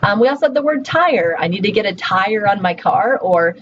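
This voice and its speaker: A woman's voice: medium pitch, lively intonation, a little fast. A woman lecturer giving a recorded class, explaining step by step and asking her students questions. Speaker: college lecturer. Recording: dull lo-fi audio with faint hiss.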